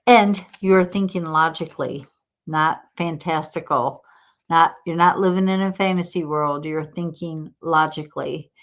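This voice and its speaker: A woman's voice: deep voice, unhurried. A woman hosting a casual live tarot reading, chatty and encouraging, often breaking into laughter. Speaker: tarot reader host.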